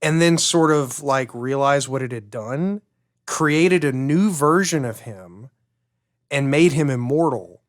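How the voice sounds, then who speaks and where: A man co-hosting a movie podcast who gets enthusiastic laying out his plot theories. His voice sits a bit high for a man, and he talks in long, eager runs. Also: slow pace. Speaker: podcast co-host. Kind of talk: casual movie review chat.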